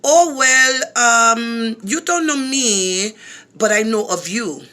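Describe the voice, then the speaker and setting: A woman imitating a man on the phone who talks so fast he is hard to understand. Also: a little high, pushed and bright, voice pushed up. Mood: smooth-talking. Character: smooth-talking man on the phone, a brother.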